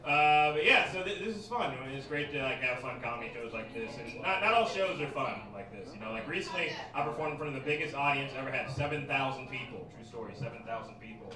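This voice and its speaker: A man's voice: medium pitch, fast talker, few pauses. A man performing a stand-up set at a bar, bantering with the crowd and telling stories. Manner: crowd banter, animated storytelling. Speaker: stand-up comic. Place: small bar stage. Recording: echoey bar from far off, loud crowd.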